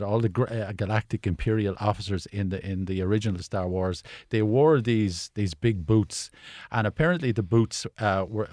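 A man's voice: on the low side, a little mellow, dry recording. Hesitant man talking films, dry studio sound. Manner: hesitant, many restarts and fillers. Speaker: film critic guest. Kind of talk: casual radio chat.

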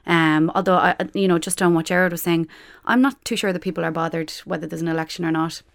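Lady journalist, low flat voice, talks fast, kinda wry. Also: vocal fry. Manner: brisk, chatty, wry. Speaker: political journalist. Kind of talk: radio panel discussion.

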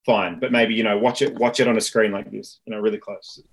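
A man's voice: on the low side, steady tone, fast talker, creaky. Laid-back joking man on a call. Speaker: actor guest. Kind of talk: casual interview chat.

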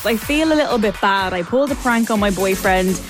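A woman's voice: mid-range voice, lively intonation, a little fast, over music. A young woman co-hosting a podcast, chatting and telling a story while acting out both sides of it. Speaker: podcast co-host. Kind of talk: casual chat, animated storytelling.

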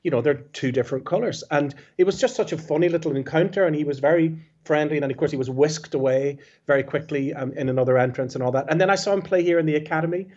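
Man, Belfast accent, radio phone guest, anecdotal, muffled line, a bit high-pitched. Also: quick pace, hardly any pauses, a little mellow. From West Belfast, Northern Ireland.

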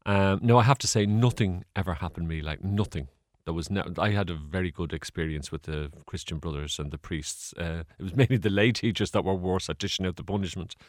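A man's voice: deep voice, a little fast, hardly any pauses, dry recording, studio quality. An Irish man, a guest in an interview, telling stories in a chatty, rambling way with fillers and laughs. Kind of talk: casual storytelling interview.

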